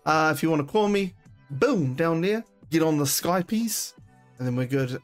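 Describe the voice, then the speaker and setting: A man's voice: fairly high pitch, moderate pace, faint music behind. A man, chatting casually with callers on a stream, full of slang and swearing. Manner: slangy, excitable, swears freely. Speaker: streamer taking call-ins. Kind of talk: casual chat.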